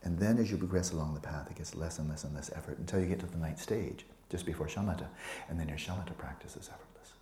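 Deep-voiced man giving a relaxed dharma talk. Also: fast talker, few pauses, slight background noise. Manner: relaxed, playful, often dropping to a soft whisper; teases students by name. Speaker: meditation teacher. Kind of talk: dharma talk to a retreat group. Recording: echoey room with faint ambience.

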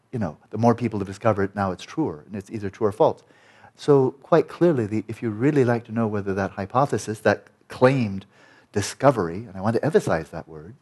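A man's voice: mid-range voice, lively intonation, a little fast, darkish tone, breathy edge. A man teaching about meditation in an emphatic, explanatory lecture style, often checking in with "right?".

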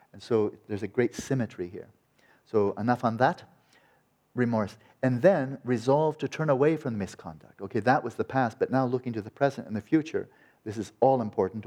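Guy with a lowish voice teaching buddhist practice, chatty, keeps restarting his sentences. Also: a little mellow. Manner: conversational, acts out quoted voices, frequent restarts. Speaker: meditation teacher. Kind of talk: dharma talk.

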